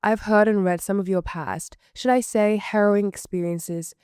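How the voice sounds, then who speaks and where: A woman's voice: medium pitch, fairly even intonation, moderate pace, a little mellow, smooth, no room sound, studio quality, close to an everyday voice. A woman voicing a poised, polite woman patron in her late forties with a transatlantic British-American accent, speaking effusively. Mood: gracious. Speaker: student reader. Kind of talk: amateur story reading.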